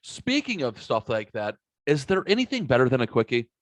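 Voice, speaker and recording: Animated rambling male podcast host. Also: mid-range voice, brisk, no echo. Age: 40s. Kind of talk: casual podcast chat, storytelling.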